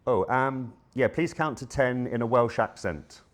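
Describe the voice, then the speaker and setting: A man's voice: mid-range voice, animated, a little slow. A man presenting a live AI avatar demo on a conference stage, chatty and a little apologetic as he prompts the avatars. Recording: echoey hall.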